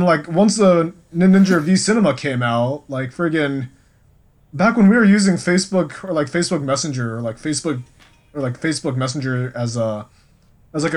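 A man co-hosting a casual podcast chat, rambling and full of filler words. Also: fairly high pitch. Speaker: podcast co-host.

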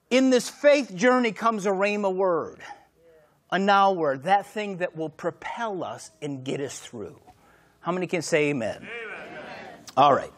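A man preaching a sermon as pastor, swinging from shouted exclamations to hushed, intimate lines. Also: sits high, very animated, measured pace.

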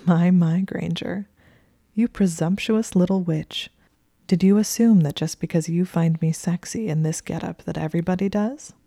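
A smug, teasing young wizard who likes to tease his wife , read by a woman. The voice sits low and mellow with a gravelly edge. It is recorded close and dry. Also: normal speed, no echo. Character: teasing possessive young male wizard librarian.

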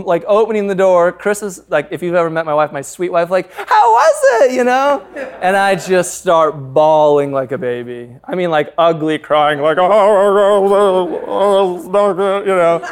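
A man's voice: high voice, clear, resonant tone. A man in his thirties, a pastor, preaching a sermon through candid, humorous personal stories. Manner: candid, humorous storytelling with frequent laughs.

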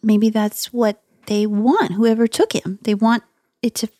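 A woman playing a tabletop game, speaking gently in character. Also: on the high side, fairly even intonation, measured pace, no room sound, clean studio sound. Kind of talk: in-character role-play.

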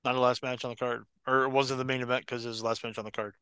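A man's voice: mid-range voice, level tone, rapid-fire, bright, forceful tone, smooth, no echo. A man co-hosting a casual podcast watchalong, argumentative and joking as he talks over a match. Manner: argumentative, joking, breaks into laughter. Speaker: podcast co-host.

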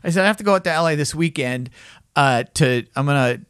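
A man's voice: a little high, fast, clean tone, no room sound, studio quality. A middle-aged man on a podcast telling a long personal story in casual chat, acting out the voices of the people in it. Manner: animated, acts out voices in his story.

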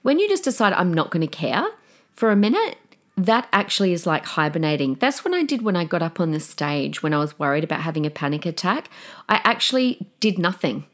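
A woman's voice: lowish voice, big pitch swings, brisk. A middle-aged woman hosting a podcast, talking candidly and emotionally in a casual motivational style, with fillers and restarts. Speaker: podcast host.

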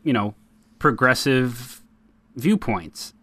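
A man's voice: mid-range voice, takes it slowly. A man co-hosting a podcast, joking around in casual chat. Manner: joking, animated impressions. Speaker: podcast co-host.

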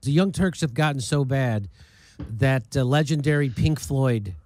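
A man's voice: mid-range voice, measured pace, a little mellow. A male podcast host delivering commentary in a rambling, emphatic way, often stopping mid-phrase. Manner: rambling, emphatic, self-interrupting.

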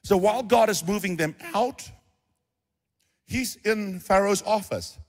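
Pastor guy preaching, kinda high voice, lots of echo in the church. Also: a little slow. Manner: animated storytelling, acting out voices of biblical figures. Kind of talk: sermon.

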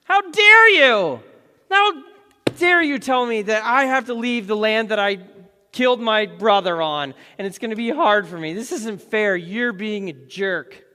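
Man voicing an indignant young murderer, whiny, bright edge, long hall echo. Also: sits high, lively intonation, a little slow, clear, resonant tone, pitched above the performer's own voice, exaggerated voice. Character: indignant young male murderer protesting his punishment.

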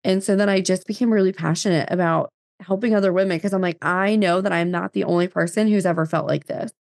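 Woman from new jersey, lowish voice, chatty storytelling, dry close sound. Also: fairly even intonation, fast, vocal fry, darkish tone, no echo. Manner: chatty, many fillers and quoted dialogue. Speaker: podcast guest. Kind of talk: casual storytelling.

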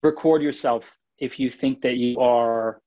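Male podcast co-host, casual and animated, slightly dull lo-fi sound. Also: mid-range voice, unhurried. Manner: animated, restarts phrases, reads listener comments.

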